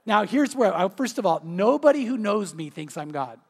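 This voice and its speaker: Male pastor, high voice, animated storyteller, church hall reverb. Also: normal speed, vocal fry. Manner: storytelling, lively and emphatic. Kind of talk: sermon. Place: church sanctuary.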